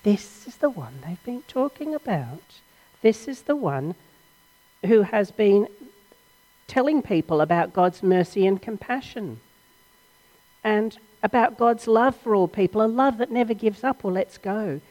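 A woman's voice: mid-range voice, lively intonation, measured pace, darkish tone. A woman preacher giving a sermon as an earnest, dramatic storytelling retelling full of rhetorical questions. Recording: long hall reverb.

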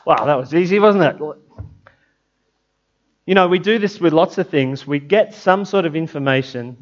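Aussie guy giving a chatty sermon, goes quiet and prayerful a lot, kinda muffled recording. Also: fairly high pitch. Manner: reflective, often drops to a soft prayerful tone. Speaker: preacher. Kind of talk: conversational sermon.

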